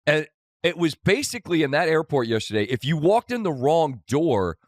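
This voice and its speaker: A man hosting a podcast, telling a wry, animated rant about an airport ordeal in casual chat. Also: a little high, moderate pace, no echo, studio quality. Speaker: podcast host.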